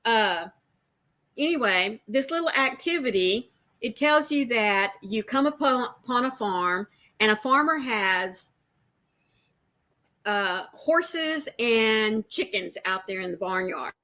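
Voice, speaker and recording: A woman's voice: on the high side, animated, slow, sharp tone. An older woman, chatting casually on a livestream, telling stories and explaining things like a teacher.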